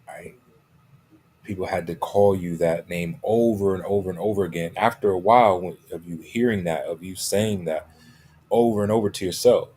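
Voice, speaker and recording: A man with a low, mellow voice gives a motivational talk as a coach, speaking at a normal pace over a slight hiss or hum. He's emphatic, stressing and repeating his key phrases and checking in often with "right?" and "okay?".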